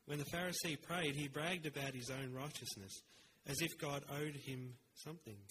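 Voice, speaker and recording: A man preaching a sermon in an earnest, measured way, with rhetorical pauses. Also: on the high side, background noise.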